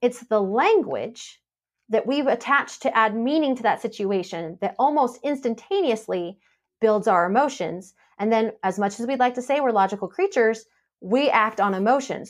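A woman on a podcast, coaching and telling a story with lively quoted voices. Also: on the high side, moderate pace. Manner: animated storytelling, acts out quoted dialogue. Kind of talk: casual podcast conversation.

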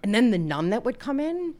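A woman's voice: on the high side, a little mellow. A middle-aged woman co-hosting a casual podcast chat, swearing freely and acting out quotes as she tells stories. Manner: profane, storytelling, acts out quotes. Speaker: podcast co-host.

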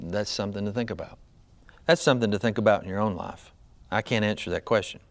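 A man preaching a sermon as a pastor, conversational and often asking the congregation "right?", building to loud, high emphasis. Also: fast.

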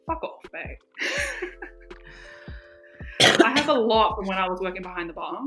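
A young woman, co-hosting a podcast and telling stories in a casual, animated way, full of fillers and swearing. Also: mid-range voice, measured pace, soft background music. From Australia. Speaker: podcast co-host. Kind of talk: casual chat.

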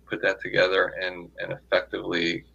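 Gravelly-voiced man, halting interview guest. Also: low voice, monotone, sharp tone, lo-fi sound. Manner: halting, many restarts and fillers. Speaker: guest investor. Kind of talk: casual interview talk.

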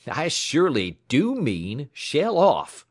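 A man voicing a menacing, contemptuous male tramp with a hoarse, gruff, slow drawl. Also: on the low side, animated, no echo, clean studio sound, voice pushed up.

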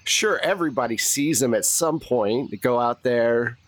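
A man playing a cold male government interrogator who speaks in calm, condescending threats. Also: medium pitch, moderate pace, close to an everyday voice. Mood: dismissive.

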